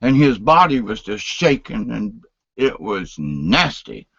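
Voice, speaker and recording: A man telling a personal story in an emotional, animated way, moving between loud and hushed. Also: on the low side, slow pace, vocal fry, breathy edge, dry recording. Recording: dull, dry lo-fi sound.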